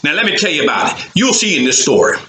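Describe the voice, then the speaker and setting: A man's voice: on the high side, fast, roomy sound, slight background noise, rough recording. Theatrical man telling a Bible story. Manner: theatrical, rhythmic, lively. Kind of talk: animated Bible storytelling for children.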